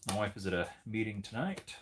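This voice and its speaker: A man's voice: fairly low pitch, big pitch swings, fairly quick, heavy background noise. A man hosting a casual livestream, chatting in a rambling way and breaking off to talk to his dog. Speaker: livestream host.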